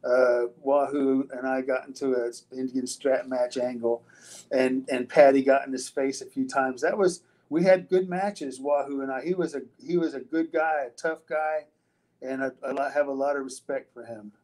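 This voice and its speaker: A man's voice: mid-range voice, fairly even intonation, normal speed, a little mellow, poor audio. Rambling older man telling stories. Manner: rambling, profane, frequent restarts and fillers. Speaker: interview guest, retired wrestler. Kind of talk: casual storytelling interview.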